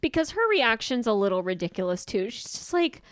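Female podcast co-host, bright higher voice that swoops a lot, sarcastic and giggly, dry studio sound. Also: sing-song, brisk, smooth, no room sound. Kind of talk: casual gossip chat about reality TV.

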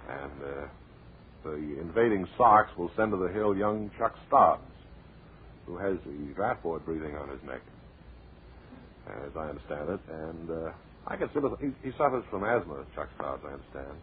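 A man hosting a comedy radio show in a deadpan, rambling, mock-serious way, heard on a tinny old radio recording with light hiss. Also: rumbling low, moderate pace. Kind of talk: deadpan comic radio patter.

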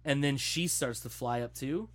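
A man in casual chat, retelling a story in an animated, profane way. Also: mid-range voice, moderate pace.

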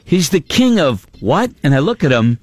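A man's voice: on the high side, big pitch swings, fairly quick, no echo. A middle-aged man hosting a morning radio show, telling rambling stories in casual banter with lots of fillers and restarts.

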